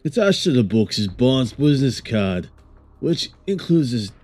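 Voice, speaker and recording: A man streams a game with casual, rambling commentary, reading on-screen text aloud and cracking jokes. His voice is mellow and dark, with a lively swing in pitch. Faint game music plays behind him. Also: unhurried. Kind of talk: casual let's-play commentary.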